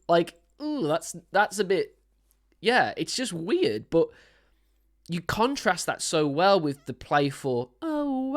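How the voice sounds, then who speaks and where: A man who is a singer-songwriter, giving casual, enthusiastic commentary while reacting to a song, rambling with many restarts. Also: on the high side. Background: song playing faintly.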